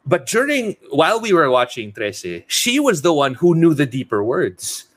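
A man in his thirties in casual podcast chat, switching between English and Tagalog, laughing often and tossing in quick asides. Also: on the high side, huge pitch swings, a bit bright. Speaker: podcast co-host.

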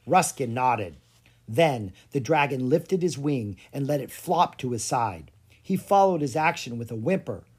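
An expressive storybook narrator with a pitch that swoops and lifts all through the reading. The tone is soft and breathy, with a mid-range voice. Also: a little slow. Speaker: audiobook narrator.

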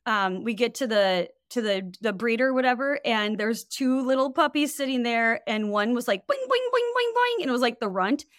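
A woman, a wellness coach, telling a story in casual podcast chat, animated and full of fillers. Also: on the high side, moderate pace, few pauses, clean tone, dry recording, studio quality. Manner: animated, lots of fillers and quoted voices.

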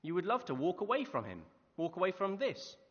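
Animated preacher in a hall. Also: male voice, sits high, fairly quick. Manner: lively storytelling with rhetorical questions. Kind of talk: sermon. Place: church hall. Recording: muffled reverberant hall recording.

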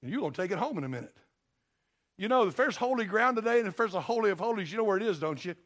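A man's voice: high voice, animated, very fast, a bit bright. An older man preaching a sermon as pastor, with a folksy, emphatic delivery that keeps calling on the congregation to respond. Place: church sanctuary.

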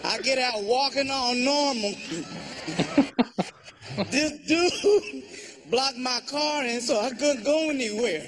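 A man telling a stand-up comedy story, animated and laughing along, over audience laughter. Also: very high voice, takes it slowly, faint music behind.

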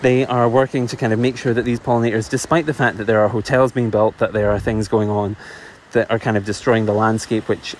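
A man telling a myth in a relaxed, chatty way, full of ums and asides. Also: lowish voice, brisk, slight background noise. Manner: chatty, digressive, laughs often, many fillers. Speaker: storyteller. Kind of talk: casual oral storytelling.

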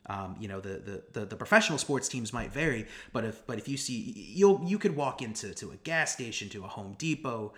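A man's voice: lowish voice, animated, fairly quick, hardly any pauses, fairly bright tone. A young man from Pennsylvania co-hosting a casual podcast chat, rambling with many restarts. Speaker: podcast co-host.

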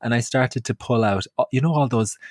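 A man, co-hosting a podcast and telling an embarrassing personal story in an animated, self-mocking way. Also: medium pitch, brisk, dry recording, studio quality. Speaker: podcast co-host.

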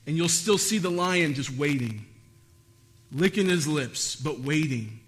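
A man's voice: a little high, slow, pauses often, a bit bright. A man preaching a sermon, asking his listeners questions and building to emphatic, repeated phrases. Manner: asks the audience questions. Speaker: pastor.

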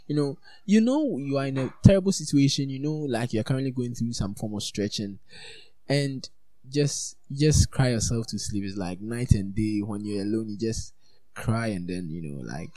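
A man giving a conversational sermon, informal and animated, peppering his talk with "like" and "you know". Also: mid-range voice, moderate pace, no room sound. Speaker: preacher.

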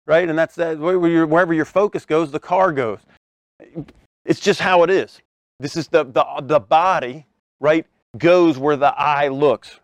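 A man teaching from the Bible in a relaxed, chatty sermon, slipping in "right?" after his points and chuckling now and then. His voice sits a bit higher than most men's and is recorded close and dry, with no room sound. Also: dry recording. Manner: casual, conversational, frequent "right?" asides, chuckles. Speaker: preacher.

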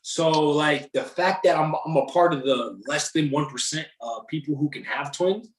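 A young man telling a story in casual chat, animated and slangy, swearing freely. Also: a little high, moderate pace, reverberant.

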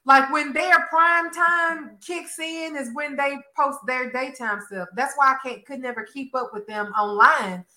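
A woman co-hosting a soap opera chat, explaining things in a chatty, relaxed way. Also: sits high, unhurried, hardly any pauses. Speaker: soap opera podcast co-host. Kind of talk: casual chat. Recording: echoey room.

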